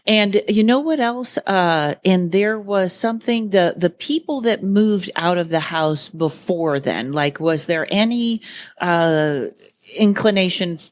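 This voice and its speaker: Lower-voiced woman hosting an interview. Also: lively intonation, slow. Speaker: podcast host. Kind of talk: casual interview.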